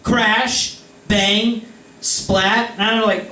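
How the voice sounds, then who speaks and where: A man's voice: sits high, animated, slow, bright, forceful tone. A young man swearing freely as he tells friends a rambling anecdote in a casual chat. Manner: profane, rambling storytelling. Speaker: storyteller among friends. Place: indoor room with friends. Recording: roomy, distant mic, faint ambience.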